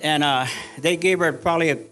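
Older man, earnest halting church testimony, slightly high voice, soft music under. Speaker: church member giving testimony. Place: church service.

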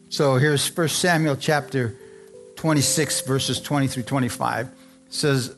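A man preaches in a storytelling way and keeps turning to the congregation with questions. His voice sits at a middle pitch, and he reads scripture between the stories. A faint guitar plays behind him. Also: steady tone, unhurried, long pauses. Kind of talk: sermon with scripture reading.

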